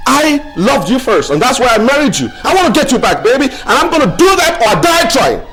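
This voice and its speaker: A volatile, possessive husband. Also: male voice, on the high side, huge pitch swings, a little slow. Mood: raging. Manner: swings from pleading to shouting. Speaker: film actor. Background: music.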